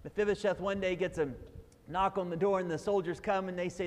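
A man's voice: high-pitched, fairly even intonation, a little fast, in a large hall. A man preaching a sermon as pastor, raising his voice for emphasis and acting out the lines he quotes.

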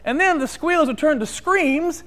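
A man preaching a sermon in a church sanctuary, telling a personal story in an animated, conversational way. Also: extremely high pitch, a little slow. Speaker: pastor.

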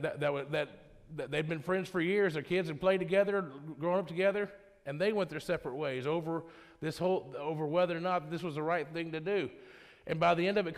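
Man preaching in a reverberant church. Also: fairly high pitch. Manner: conversational, repeats and restarts often. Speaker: worship pastor leading Bible study. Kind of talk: informal Bible study sermon. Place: church sanctuary.

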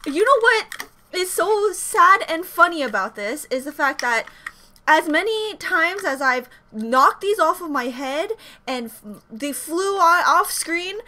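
A young woman chatting excitedly at home as a reaction vlogger, flustered and rambling, often restarting her sentences. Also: very high voice, a little hiss or hum. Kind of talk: excited casual vlog chat. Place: home room.

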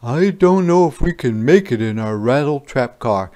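A man's voice: mid-range voice, expressive, moderate pace, a little mellow, natural voice. A man reading a picture book aloud, voicing a worried dad who frets and then gives in. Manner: fretful, then giving in. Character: worried but willing dad.

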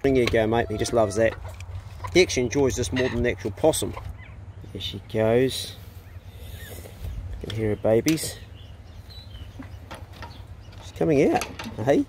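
A man's voice: mid-range voice, unhurried, long pauses, a little hiss or hum. A middle-aged man with a New Zealand accent, a farmer and pig hunter who chats casually on his vlog and coaxes his dogs fondly outdoors on the farm. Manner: talks fondly and coaxingly to his dogs, relaxed and chatty. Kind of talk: casual vlog talk while tending dogs. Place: outdoors on a rural farm by the dog kennels.

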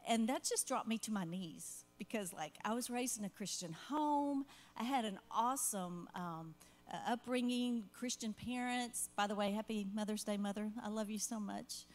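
This grandmother speaks at normal speed with a medium-pitched voice. Earnest and wandering into asides, she shares sincere parenting advice during a question-and-answer conversation at church.

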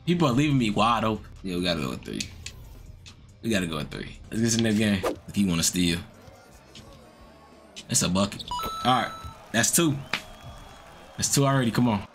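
A man talks his way through his own basketball video game with music playing under him. He mutters numbers and plans half to himself, then spikes loud and high when a shot drops, swearing and taunting the players on screen. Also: sing-song, a little fast, pauses often. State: out of breath. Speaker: gaming YouTuber. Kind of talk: live gameplay commentary.

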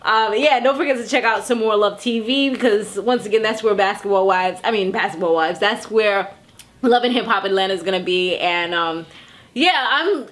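Chatty young woman recapping reality TV. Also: fairly high pitch. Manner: chatty and animated, acts out quotes. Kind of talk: casual chat.

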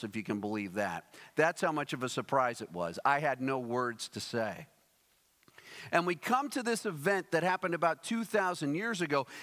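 A man preaching a sermon as a pastor, telling a story with lively acted-out quotes and then reading scripture aloud. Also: medium pitch. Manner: animated storyteller, acts out quoted voices. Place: church sanctuary. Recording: long hall reverb.

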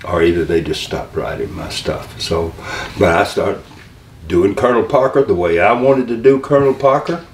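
Older man, Southern drawl, folksy and animated, echoey room, mic at a distance. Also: sits low, moderate pace, a little hiss or hum. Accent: Southern American. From Southern United States. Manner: folksy, animated storyteller who acts out quotes. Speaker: interview guest, former wrestling manager. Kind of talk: storytelling interview.

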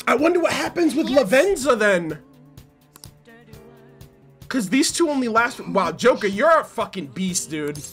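Excitable dude reacting to a game trailer, swears a lot, voice jumps all over, bit of music in the back. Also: male voice, very high voice, unhurried, pauses often. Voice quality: excitable, breaks into loud laughs and shouts. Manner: swears freely, says dude and bro. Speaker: video game reaction streamer.

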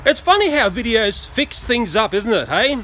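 An Australian man vlogging on a shopping trip, talking to the camera in an animated, indignant way. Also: extremely high pitch, moderate pace, a little hiss or hum. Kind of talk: casual vlog, talking to camera. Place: shopping centre, car park and store.

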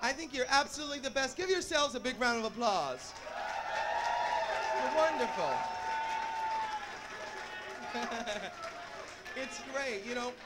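A man's voice: extremely high pitch, lively intonation, normal speed. A man performing as a drag queen, from Georgia, bantering with a club audience on a handheld mic in sassy, campy live stage chatter with a bubbly laugh. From Atlanta, Georgia. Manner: sassy, campy, calls people honey and baby. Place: nightclub stage. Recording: live club recording, noisy crowd.

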